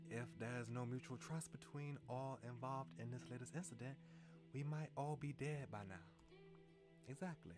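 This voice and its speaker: A man's voice: mid-range voice, normal speed, music in the background. A man streaming a story game, reading its lines aloud and often restarting and correcting himself.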